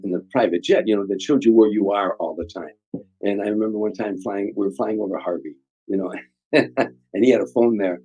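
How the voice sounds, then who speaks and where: Older man telling stories, deep dark voice. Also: husky, dry recording, poor audio. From Chicago area, USA. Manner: rambling, repeats words, emotional recollection. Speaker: guest comedian. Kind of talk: storytelling interview.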